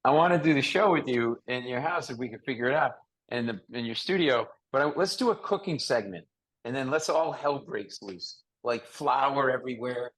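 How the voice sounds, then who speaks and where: A man hosting a casual comedic chat over a video call, with a nasal voice, telling jokey stories in an animated way. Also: mid-range voice, normal speed, poor audio. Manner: animated storyteller, joking. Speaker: podcast host.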